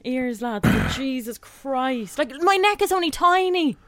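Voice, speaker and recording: A woman co-hosting a radio show, loud and dramatic with a lot of laughing. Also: sits high, lively intonation, a little slow, no echo. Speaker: radio co-host. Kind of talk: casual radio chat.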